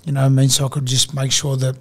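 A man's voice: medium pitch, completely flat delivery, rapid-fire. Laid-back man, casual podcast chat. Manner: laid-back, peppers talk with "mate" and "you know". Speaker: podcast co-host.

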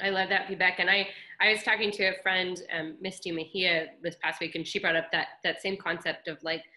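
A woman's voice: on the low side, level tone, brisk, sharp tone, low-quality recording. A woman hosting an interview over a video call, chatty and full of "like" fillers as she thinks aloud. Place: friend's apartment.

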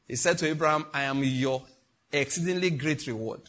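A man preaching a prayer sermon, slowing down to recite scripture and rising to loud, high exhortation. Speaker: pastor. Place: church service, streamed.

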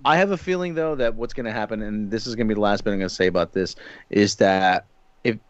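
A man's voice: lowish voice, fast, dry recording, lo-fi sound. A man in a casual panel chat, giving a rambling, opinionated take.

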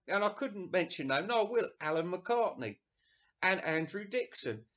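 Sweary high-voiced man ranting. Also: expressive, moderate pace, fairly bright tone. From England. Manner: sweary, sarcastic, mocking. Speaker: album reviewer. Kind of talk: ranting casual review. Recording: dull lo-fi recording.

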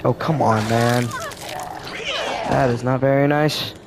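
A man's voice: medium pitch, steady tone, slow, very noisy. A man hosting a casual let's play commentary, rambling and laid-back with lots of filler words. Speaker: gaming channel host.

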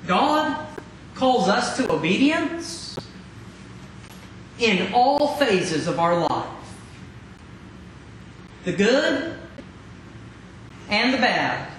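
A man preaching a sermon as pastor, dramatic, with rhetorical questions and drawn-out emphasis. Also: high voice, very animated, fairly bright tone. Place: church sanctuary. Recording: very echoey hall, faint noise.

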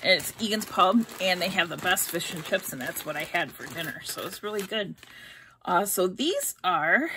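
Hiccuping as she goes, a middle-aged unboxing vlogger chats casually over a haul of beauty products, reading labels out loud and tripping over ingredient names. Her medium-pitched voice is pushed, bright, and slightly rough.

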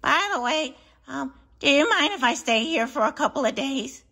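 A woman playing a cheeky neighbor boy who mooches food, speaking slowly and deadpan. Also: high voice, exaggerated voice. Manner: slow, gravelly deadpan.

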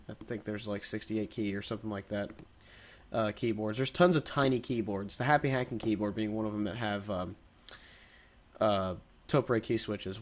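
A man's voice: on the low side, a little hiss or hum. Nasal man getting over the flu. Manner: chatty, with frequent restarts and fillers. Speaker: keyboard reviewer. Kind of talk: casual product review.

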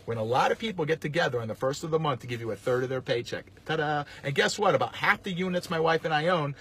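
Breathy, salesy New landlord. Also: male voice, a little high, fast talker. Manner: rambling, salesy, energetic. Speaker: landlord and real estate coach. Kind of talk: casual direct-to-camera pitch.

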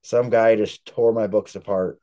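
A man's voice: lowish voice, steady tone, a little slow, warm tone, dull audio. A man being interviewed as an author, telling long, rambling stories in a casual chat. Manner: chatty, rambling storyteller. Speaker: author guest.

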